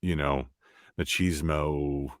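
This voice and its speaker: A middle-aged man from the American South, an audiobook narrator chatting in an interview in a halting way with many restarts. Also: extremely low pitch, fairly even intonation, dry recording, studio quality. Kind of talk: casual interview chat.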